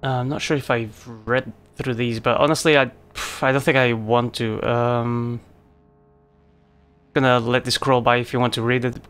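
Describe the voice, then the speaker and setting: A man's voice: mid-range voice, flat delivery, normal speed, a bit bright, clean tone. A man giving casual let's-play commentary, thinking aloud with lots of fillers and mild exasperation.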